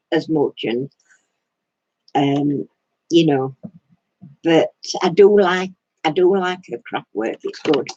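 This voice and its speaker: A woman chats casually on her craft channel's live stream, wandering from thought to thought with plenty of hesitations. Her voice is husky and sits a little low. The recording is dry and a bit dull, lo-fi. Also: a little mellow, no echo. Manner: rambling and hesitant, many fillers.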